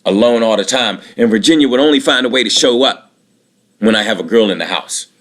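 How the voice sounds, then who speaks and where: A man's voice: mid-range voice, brisk, a bit bright. Bitter man ranting, repetitive and raw. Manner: bitter, aggrieved, repetitive, profane. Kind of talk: emotional personal monologue.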